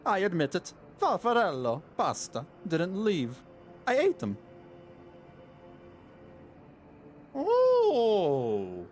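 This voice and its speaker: A man's voice: sits high, a little hiss or hum, voice pushed up, heavily acted. A man voicing a frightened male voidsent demon in a put-on Italian accent, talking with panicky urgency. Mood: confessing.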